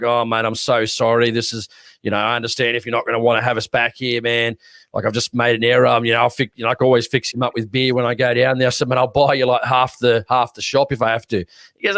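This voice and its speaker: A man's voice: mid-range voice, fairly bright tone, dry recording. Rambling Australian man telling a story. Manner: rambling storyteller, many restarts and "mate". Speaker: podcast co-host. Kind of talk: casual chat.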